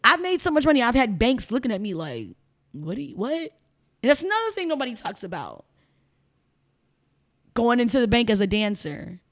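Animated woman with a Chicago accent. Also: fairly high pitch, normal speed, pauses often. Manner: animated, emphatic storyteller who slips into mimicked voices. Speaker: podcast guest. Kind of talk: casual interview chat.

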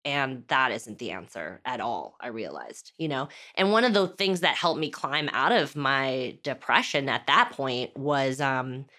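A woman co-hosting a podcast, chatting casually with many fillers and lively quoted asides. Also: rumbling low, measured pace, few pauses. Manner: chatty, lots of fillers, animated impressions in quotes. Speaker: podcast co-host. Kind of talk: casual chat.

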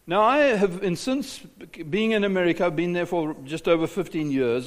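South African pastor preaching with a high voice. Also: male voice, moderate pace, big-room sound. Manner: repeats words, rhetorical questions. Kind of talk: sermon.

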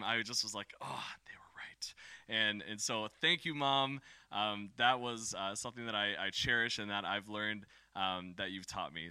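A young man with a very bright, smooth voice speaking as a grateful son. He talks sincerely, with small stumbles, and the sound is dry and close. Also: mid-range voice, no echo. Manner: sincere, halting.

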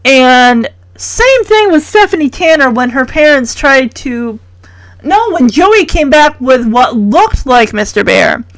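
A woman's voice: sits high, sing-song, takes it slowly, no room sound, rough recording. A woman recapping a sitcom episode in casual chat, chatty and incredulous, full of rhetorical questions.

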